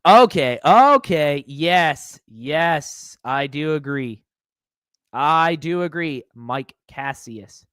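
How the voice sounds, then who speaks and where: Streamer, male, higher voice, clean dry mic, mocking chat-reader. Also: very slow, sharp tone, clear, resonant tone, no room sound. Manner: sarcastic, mocking, reads chat aloud. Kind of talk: live-stream reaction commentary.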